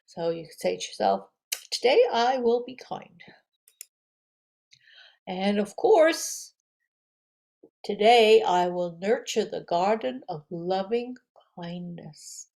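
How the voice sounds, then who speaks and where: A woman yoga teacher gently leading affirmations and breathing for a guided meditation. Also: medium pitch, lively intonation, gravelly. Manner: gentle, slow, encouraging, with audible breaths.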